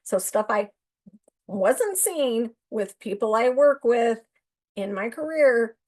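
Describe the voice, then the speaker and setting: A woman talks casually to her viewers as the host of an astrology show. Her voice sits a little high, and she rambles, breaks off mid-thought and restarts. She rushes through some phrases and stretches others out slowly. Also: lively intonation, a little mellow. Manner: chatty, rambling, self-interrupting.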